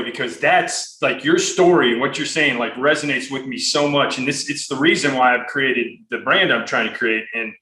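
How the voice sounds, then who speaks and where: A man's voice: mid-range voice, bright, forceful tone, echoey room, low-quality recording. A man hosting a podcast interview, talking in an earnest, rambling, profane way with lots of restarts. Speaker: podcast host. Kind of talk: casual conversational interview.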